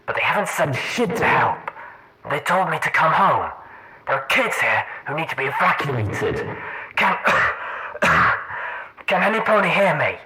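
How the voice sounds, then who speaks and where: A woman's voice: extremely low pitch, bright, forceful tone, heavily acted. A woman voicing a frantic male pony on an old crackly radio. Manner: coarse, swearing, desperate pleading. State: coughing, raspy. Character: panicked young male pegasus radio operator. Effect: old crackly radio recording. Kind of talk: audiobook character voice.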